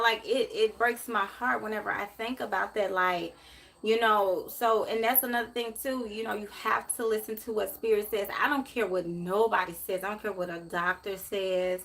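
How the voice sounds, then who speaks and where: A woman's voice: mid-range voice, creaky, a bit bright. A woman, hosting a casual live tarot stream and talking emotionally to her viewers in a repetitive way. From Memphis, USA. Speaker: tarot reader and host.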